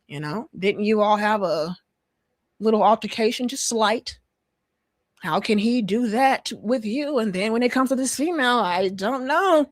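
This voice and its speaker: Woman host, slightly high voice, salty sarcastic rant. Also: unhurried. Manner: profane, sarcastic, animated with exaggerated mock apologies. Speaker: commentary channel host. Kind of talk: casual commentary rant.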